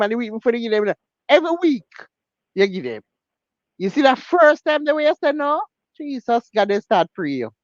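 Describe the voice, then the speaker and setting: A woman's voice: fairly high pitch, dry recording. A woman from Jamaica with a Jamaican accent, talking emphatically in a casual chat, repeating herself and laughing often. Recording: dull lo-fi, dry.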